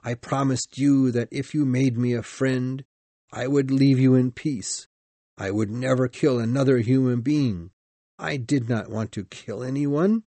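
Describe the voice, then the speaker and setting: A man voicing a bitter, vengeful male monster in a storybook reading, speaking slowly and loudly in a dry recording. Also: medium pitch, no room sound, voice pushed up.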